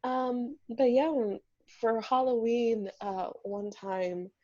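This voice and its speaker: A woman from the United States co-hosting a podcast, chatting casually and slowly with a relaxed, hesitant manner. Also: fairly high pitch. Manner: slow, relaxed, hesitant with fillers. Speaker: podcast co-host. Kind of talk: casual chat. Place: home recording. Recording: muffled lo-fi mic.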